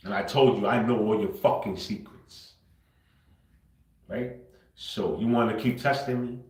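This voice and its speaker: A man hosting a livestream, talking unscripted and confrontationally, swinging between low muttering and loud outbursts. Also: reverberant, low-quality recording. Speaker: livestream host.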